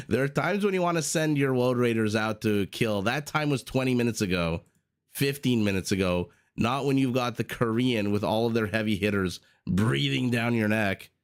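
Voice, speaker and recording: A man's voice: mid-range voice, moderate pace. A man casting a strategy game live on stream, playful and chatty, coughing along the way. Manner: playful, chatty, teasing himself. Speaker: esports caster. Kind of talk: live game commentary and casual stream chat.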